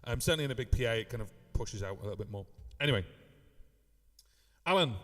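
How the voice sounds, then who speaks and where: Teaching live looping on a relaxed stream, the UK man rambles, uses many fillers and beatboxes occasionally. His voice is mid-range, heard in a large hall.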